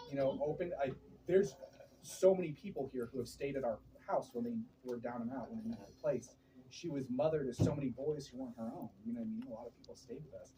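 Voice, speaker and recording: A man in his thirties telling lively, laughing stories about his late mother at a memorial gathering. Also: medium pitch. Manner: animated, laughing anecdotes. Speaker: eulogy speaker. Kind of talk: storytelling at a memorial. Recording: distant and noisy room recording.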